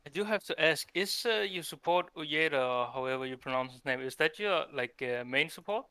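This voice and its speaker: A man co-casting an esports stream, asking questions in a hesitant way with fillers. His voice is bright and crisp, recorded close and dry. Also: on the high side, animated, a little fast, no echo. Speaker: esports co-caster. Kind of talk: live esports broadcast co-hosting.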